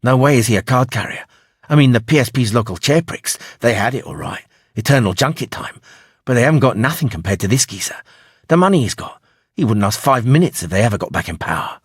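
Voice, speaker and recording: Street-smart young woman, slangy and blunt, a man reading her in an audiobook; husky, dry sound. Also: medium pitch, lively intonation, fast talker, no echo.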